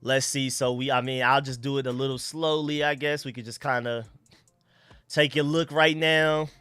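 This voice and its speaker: A young man hosting a casual live stream, chatting excitedly and thanking donors. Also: mid-range voice, moderate pace, clean tone, dry recording.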